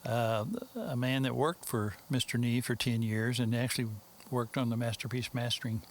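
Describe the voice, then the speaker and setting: A Texan man speaking as an interview guest, telling a long story in a relaxed, folksy way. He rambles and leans on fillers like "so anyway". His voice sits at an ordinary middle pitch for a man. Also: normal speed. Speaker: interview guest, mastering engineer.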